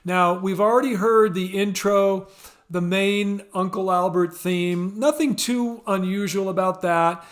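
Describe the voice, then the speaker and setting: High-voiced man chatting about songs. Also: steady tone, unhurried. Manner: chatty and amused, laughing often. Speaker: music channel host. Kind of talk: casual music commentary. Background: faint music from the song being discussed.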